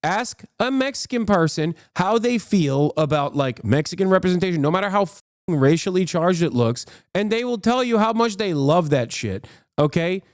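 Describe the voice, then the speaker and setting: With a high pitch and lively intonation, a man streams reaction commentary in clean studio sound without echo. It comes out as a fast, combative rant laced with swearing that he cuts himself off from, plus many fillers.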